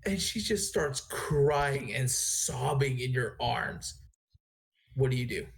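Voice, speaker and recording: A man's voice: mid-range voice, lively intonation, takes it slowly, creaky. Male game master, rambling, restarts sentences mid-thought while narrating scenes. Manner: rambling, self-correcting narration.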